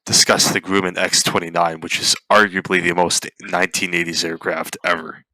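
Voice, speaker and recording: A man on a podcast, presenting a topic from slides in a relaxed way. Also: low-pitched, normal speed, no room sound, rough recording. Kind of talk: casual chat, presenting a topic.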